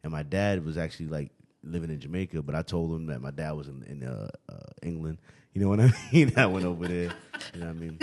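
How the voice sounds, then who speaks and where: A man's voice: a bass voice, lively intonation, quick pace, a little mellow, a little hiss or hum. A young man hosting a casual podcast, rambling and swearing, always adding "you know what I mean". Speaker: podcast host.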